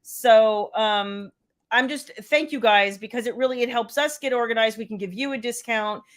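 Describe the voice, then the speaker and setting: A woman's voice: fairly high pitch, moderate pace. Chatty woman hosting a live stream. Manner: chatty, rambling, answers viewer comments by name. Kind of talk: casual live-stream chat.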